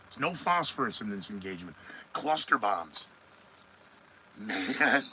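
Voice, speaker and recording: A man's voice: lowish voice, sing-song, normal speed, sharp tone, slight background noise, low-quality recording. A man hosting a solo news commentary podcast, sarcastic and rambling, often answering his own remarks. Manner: sarcastic, rambling, talks back to himself. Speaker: podcast host.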